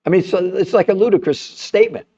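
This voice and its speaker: Indignant man, livestream host, rhetorical questions, fairly high mellow voice, lo-fi sound. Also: fast. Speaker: host of a live health stream. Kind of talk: heated livestream monologue.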